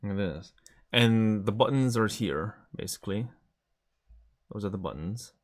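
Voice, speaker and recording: A man's voice: fairly low pitch, measured pace. A man chatting casually on a live stream, enthusiastically showing items to the camera.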